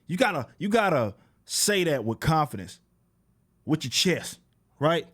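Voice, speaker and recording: Mocking casual male commentator. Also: moderate pace. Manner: casual mocking, repeats words, rises in pitch when animated. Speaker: YouTube commentator. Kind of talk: reaction commentary.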